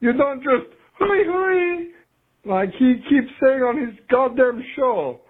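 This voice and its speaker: A man calling in to a show, rambling and swearing in a casual rant, now and then yelping out loud. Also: a little slow, husky. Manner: profane, rambling, breaks into high shouted yelps. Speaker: caller. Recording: phone line.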